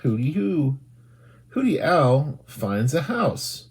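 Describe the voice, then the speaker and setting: A man, a children's librarian, doing an animated storytime read-aloud and talking to young children. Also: a little high, takes it slowly, slightly rough. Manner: animated, sing-song, talks to young children.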